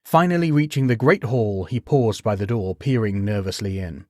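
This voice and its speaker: A male storyteller with a lowish voice, reading a bedtime tale with measured pacing and wry humor. The sound is dry and close, with no room around it. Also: mellow, dry recording.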